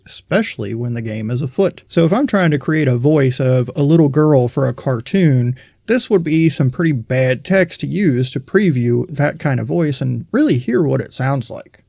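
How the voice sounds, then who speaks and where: A man hosting a software tutorial, explaining steps in a friendly, conversational way. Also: fairly high pitch, gravelly, no echo, studio quality. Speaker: tutorial host. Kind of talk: screen-recorded software tutorial.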